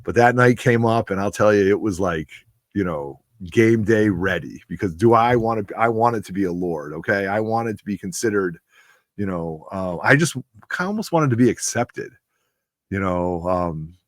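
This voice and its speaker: Earnest low-voiced man in his forties. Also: lively intonation, normal speed, no echo, clean studio sound. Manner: earnest, rambling, emotional. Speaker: comic book channel host. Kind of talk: heartfelt spoken tribute.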